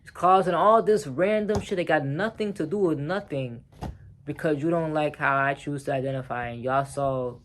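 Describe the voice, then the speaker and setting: A man's voice: a little high, normal speed, a little hiss or hum. A man telling a personal story in a casual vlog, heated and profane, talking straight to the viewers.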